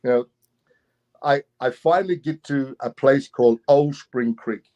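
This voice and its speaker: A middle-aged Australian man from Queensland, telling a story as an interview guest in a casual, lively way and acting out the people in it. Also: medium pitch, measured pace, dull audio. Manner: animated, laughing, acts out the people in his story.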